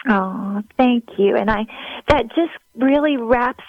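A woman's voice: on the high side, takes it slowly, no room sound. Earnest woman on dull, dry remote audio. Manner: earnest, encouraging, preacherly. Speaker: ministry leader guest. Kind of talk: heartfelt faith conversation.

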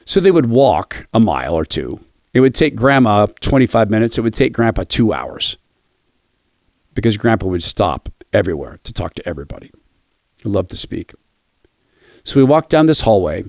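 A man hosting a radio devotional, quietly telling a personal story before closing with a blessing. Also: on the low side, sing-song, normal speed, no echo, clean studio sound.

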